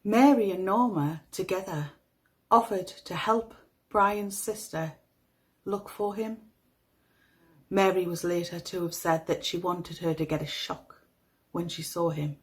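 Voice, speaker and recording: A woman with a toned-down Northeast English accent narrating a true crime story in a measured, somber manner. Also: lowish voice, low-quality recording. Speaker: podcast host.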